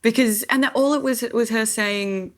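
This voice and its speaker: A woman's voice: on the high side, moderate pace. A woman co-hosting a podcast, chatting casually, giggling and correcting her co-host's stories. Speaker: podcast co-host. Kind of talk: casual chat.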